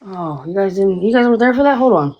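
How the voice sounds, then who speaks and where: A woman chats excitedly on a live stream, swearing freely. Her voice sits around mid-pitch. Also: fairly quick, muffled recording. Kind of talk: casual live stream chat.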